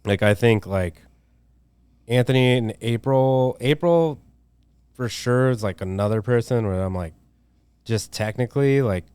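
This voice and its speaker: A man's voice: mid-range voice, a little slow, long pauses, darkish tone, clear, resonant tone, dry recording. A young man, a tattoo artist, chatting loosely on a podcast with lots of slang, swearing and filler words. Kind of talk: casual podcast chat.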